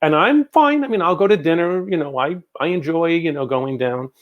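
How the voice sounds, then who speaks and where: A man's voice: a little high, fairly quick, highs cut off. A man, telling long rambling stories as an interview guest. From New York. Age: 60s. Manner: rambling, animated anecdotes with many asides. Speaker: guest, psychic medium. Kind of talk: casual storytelling in an interview.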